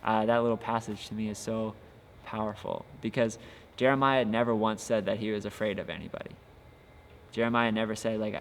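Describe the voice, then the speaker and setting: Speaking fairly quickly in a lowish, steady voice, a young male youth pastor offers an earnest and encouraging devotional talk peppered with filler sounds. The casual podcast audio has long reverb and faint ambient noise.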